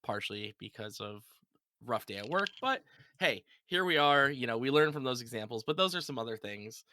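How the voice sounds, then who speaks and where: A man's voice: mid-range voice, animated, moderate pace, pushed and bright, dry recording. A man hosting a podcast, telling a rambling, self-deprecating anecdote full of fillers.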